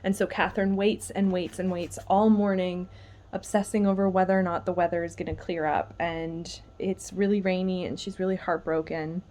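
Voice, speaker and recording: A woman's voice: lowish voice, little pitch movement, moderate pace, warm tone. A woman vlogger chatting casually about what she is reading, gushing and chatty, with lots of "like". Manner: gushing, chatty, heavy use of "like". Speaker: book vlogger. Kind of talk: casual reading vlog chat.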